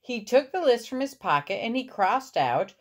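A woman reading a picture book aloud to her boy, pausing to point out the pictures. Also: a little high, sing-song. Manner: warm, explaining the pictures. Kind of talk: storybook read-aloud.

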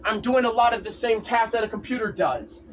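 A man's voice: high-pitched, animated, brisk, recorded from a distance, slight background noise. A man in a casual vlog, ranting insistently and repeating himself over and over. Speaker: vlogger. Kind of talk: casual rant to camera.

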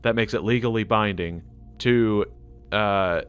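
Excitable American guy narrating gameplay. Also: fairly low pitch, unhurried, clean tone, soft background music. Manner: excitable, chatty, laughs a lot. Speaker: gaming channel host. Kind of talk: casual gameplay commentary.

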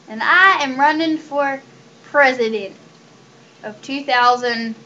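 A woman hosting a silly comedy sketch in a deliberately fake accent, playful and breaking into loud scolding. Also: sits high, dull audio. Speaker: comedy video host.

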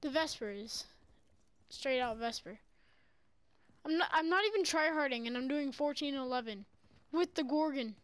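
A young woman with a high voice talks over her own match as she plays. She speaks into a gaming headset in a casual, excitable way, reacting fast and poking fun at her own mistakes. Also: no room sound. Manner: excitable, self-mocking, quick reactions. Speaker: gaming video creator. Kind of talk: casual gameplay commentary.

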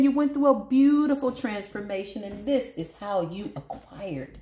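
Lively tarot-reading woman, laughs a lot, voice bounces all over, roomy echo. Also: fairly quick, few pauses, slight background noise. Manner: animated, laughing often, big pitch swings, talks to spirit and viewers. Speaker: tarot reader.

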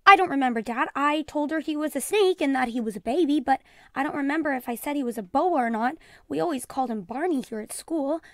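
Keen little girl from a storybook, high and chirpy, woman doing the voice, dry sound. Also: a little fast, no echo. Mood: eager. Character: eager excited young girl.

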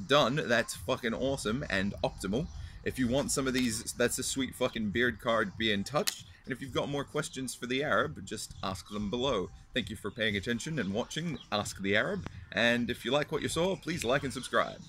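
A man's voice: mid-range voice, expressive, normal speed, pushed and bright, a little hiss or hum. A young man hosting his own video channel, ranting bluntly and swearing freely as he answers a fan's question. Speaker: vlog host answering fan questions. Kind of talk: casual profane rant to camera.

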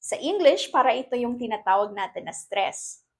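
A woman's voice: on the high side, lively intonation, brisk, a little mellow. A young woman with a Filipino accent teaching a short lesson, switching between English and Filipino and singing out example sounds. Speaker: language teacher. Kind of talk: short-form language lesson.

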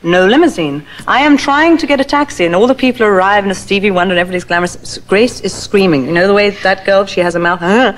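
A woman with an English accent, an actress telling lively anecdotes as a talk show guest, with laughs and restarts. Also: medium pitch, fast talker, few pauses. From England. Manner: animated storytelling with laughs and restarts. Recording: 1980s TV studio broadcast.

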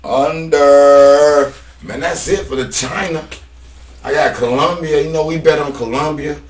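A man hosting a sports betting channel, calling out team names in long, loud, high shouts between low mumbled asides, slangy and casual. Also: slow. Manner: slangy, keeps saying "boy".

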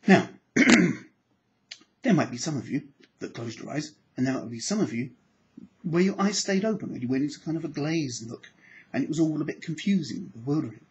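A man teaching applied psychology to camera, animated and acting out his examples. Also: normal speed, muffled recording. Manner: animated, acts out examples with sudden pitch jumps. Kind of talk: lecture to camera.

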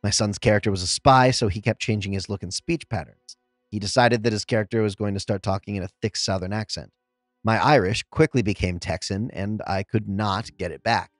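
A man reading out reader-submitted tabletop game stories in a scripted narration, expressive, with pauses for comic timing. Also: fairly low pitch, no room sound, studio quality. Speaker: story narrator.

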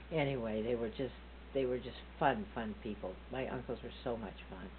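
An older woman with a strikingly low voice tells family stories in a loose, rambling way, stopping to correct herself and laugh. The sound is thin and tinny like a phone line, with a faint hum underneath. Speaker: family storyteller. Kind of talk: casual reminiscing. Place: front porch, outdoors.

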